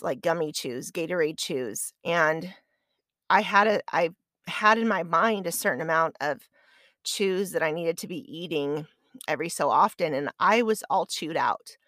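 A woman's voice: on the low side, dry recording, clean studio sound. A woman hosting her own podcast, telling a personal story in a chatty, conversational, self-deprecating way. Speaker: podcast host. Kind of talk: casual storytelling.

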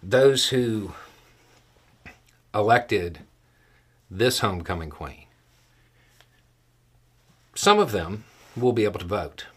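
Husky-voiced man giving political commentary. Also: lowish voice, big pitch swings, takes it slowly, long pauses, a bit bright.

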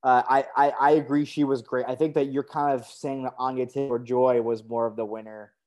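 A man co-hosting a casual recap podcast, upbeat and full of enthusiastic praise. His voice sits at a middle pitch for a man. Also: level tone, brisk, darkish tone. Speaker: podcast co-host.

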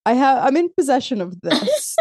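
A woman co-hosting a podcast, chatting casually. She swears freely and breaks into laughter. Her voice is mellow and relaxed, and it sits dry and close on the mic. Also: high voice, normal speed, no room sound. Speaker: podcast co-host. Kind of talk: casual chat.

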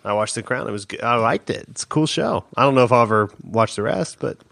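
A man co-hosting a casual movie podcast, dropping deadpan jokes and asides. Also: medium pitch, quick pace, gravelly, dry recording, clean studio sound. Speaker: podcast co-host. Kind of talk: casual comedic chat.

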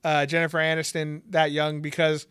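A young man co-hosts a podcast in casual conversation, laid-back and jokey, laughing often. His voice sits on the high side and is monotone at a moderate pace, with a fairly bright, clear, resonant tone. The sound is clean studio audio with no room sound.

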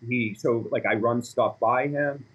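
A husky-voiced man in his fifties recounts his business story in a relaxed interview. He rambles happily, piling up fillers and restarts as he goes. His voice has a slightly rough, breathy edge. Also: mid-range voice, measured pace. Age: 50s. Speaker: company founder.

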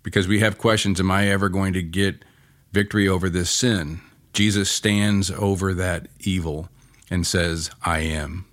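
Deep-voiced man teaching Scripture slowly. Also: fairly even intonation, fairly bright tone, no echo. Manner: slow, earnest, with many restarts and pauses. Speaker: podcast Bible teacher. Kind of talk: devotional podcast teaching.

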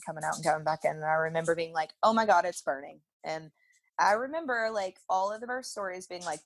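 A woman's voice: on the low side, no echo. A young woman telling a personal story as a podcast guest in a casual, chatty way, with frequent "like" fillers and laughter. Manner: chatty, peppered with "like", laughs often.

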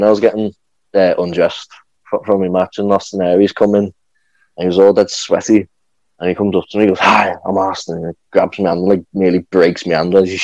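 A man's voice: sits low, warm tone, no room sound, dull audio. A young man chatting casually as a podcast guest, rambling with lots of fillers and restarts. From England. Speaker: guest, professional wrestler.

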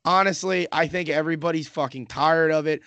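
On a hockey podcast, an Islanders fan with a slightly higher, somewhat bright voice rambles casually, swearing often, cutting himself off, and circling back to restate points. His tone is steady and clean, his pace a little fast. The recording is dry, close, and dull, with no room sound.

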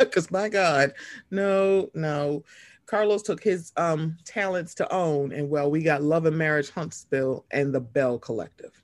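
A woman riffs through a casual reality-TV recap, brash and profane, her pitch swooping widely as she acts out quoted retorts. Her delivery is animated and hard to rein in, thick with asides. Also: a little slow. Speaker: podcast co-host.

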